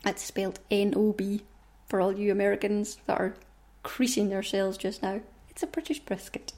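A woman's voice: medium pitch, fairly even intonation, moderate pace, dark tone. A woman hosting a podcast, chatting casually and self-mockingly to her listeners. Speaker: podcast host.

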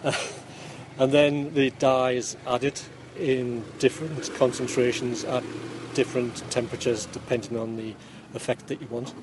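A man's voice: mid-range voice, little pitch movement, a little slow, noisy background. Rambling Geordie man, dry humour. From Newcastle, England. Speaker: yarn dyer and former chemistry teacher. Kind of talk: casual interview answers. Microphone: interviewer's phone.

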